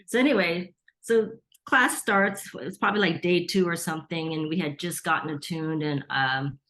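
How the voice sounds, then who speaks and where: A middle-aged woman who teaches Reiki appears as a podcast guest, telling a story in casual conversation and imitating the voices of the people she quotes. Her voice is lowish and fairly bright, at a moderate pace.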